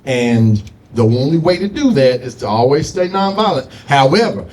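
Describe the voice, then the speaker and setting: Guy doing stand-up on stage, talks loose w lots of asides to the crowd, live club recording w a faint rumble. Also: big pitch swings, moderate pace, few pauses. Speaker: stand-up comedian. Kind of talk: stand-up comedy set. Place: comedy showcase stage.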